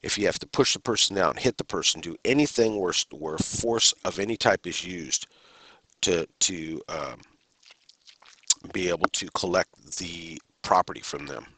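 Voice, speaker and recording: Low, bright-toned male lecturer. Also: breathy edge, no echo. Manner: measured, deliberate delivery with pauses and occasional restarts. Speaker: criminal justice lecturer. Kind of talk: recorded lecture.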